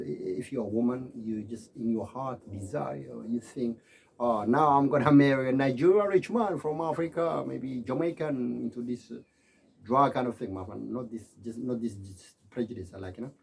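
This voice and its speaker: Gravelly, husky man preaching to camera. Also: mid-range voice. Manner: repetitive, keeps saying "my friend" and "okay"; emphatic, swings between loud and quiet. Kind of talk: preachy monologue.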